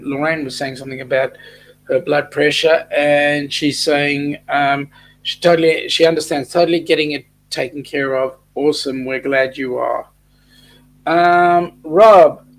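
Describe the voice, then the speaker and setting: A man's voice: fairly high pitch, poor audio. An Australian man hosting a casual livestream chat, reading out viewer comments and answering them. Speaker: host of a weekly cruise chat livestream.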